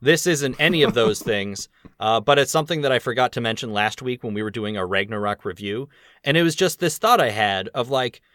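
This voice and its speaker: A man's voice: medium pitch, fairly bright tone, no room sound. Chatty male podcast host, dry sound. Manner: chatty, rambling, quick laughs. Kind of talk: casual podcast chat.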